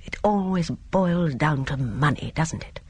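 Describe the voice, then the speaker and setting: A woman voicing a grave, cautious middle-aged man in an audiobook, speaking in a measured, grim way. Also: deep voice, expressive, darkish tone, slightly rough, no room sound, full character voice. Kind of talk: audiobook character voice.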